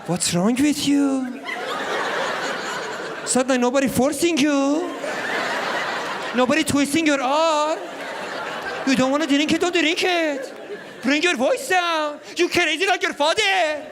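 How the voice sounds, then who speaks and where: A man's voice: extremely high pitch, moderate pace, noisy background, pitched above the performer's own voice. A man voicing a pushy middle-aged mother who nags in broken English. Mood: scolding. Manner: insistent, broken English, scolding. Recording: comedy club with loud crowd.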